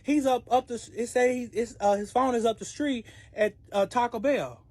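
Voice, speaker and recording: A storyteller voicing a male friend on the phone who answers loudly and stammers eagerly. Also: mid-range voice, normal speed, no echo, voice pushed up, natural voice.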